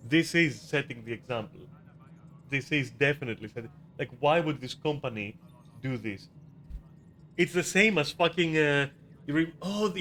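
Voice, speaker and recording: A man's voice: mid-range voice, fairly bright tone, slight background noise. A man ranting about a video game in casual commentary, profane and exasperated, often restarting his sentences. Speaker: gaming video creator.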